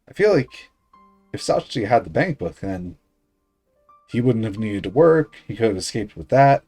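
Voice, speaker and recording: A man's voice: on the low side, fairly quick, breathy edge, faint music behind. A man streaming, reading a visual novel aloud and dropping casual comments between passages. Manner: lively reading with casual asides.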